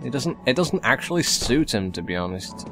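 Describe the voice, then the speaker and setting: A man's voice: mid-range voice, big pitch swings, moderate pace, music in the background. A man giving casual, rambling commentary while playing a video game, with wry asides. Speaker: let's play host.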